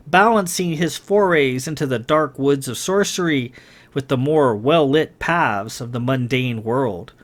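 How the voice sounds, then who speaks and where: A man reading his science fiction novel aloud in a dramatic, expressive narration. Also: a little high. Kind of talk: scripted audiobook narration.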